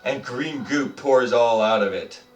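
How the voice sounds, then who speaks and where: A man's voice: mid-range voice, a little slow, recorded from a distance, over loud music. A man acting as dungeon master for a tabletop game, narrating and joking in a casual way with lots of fillers.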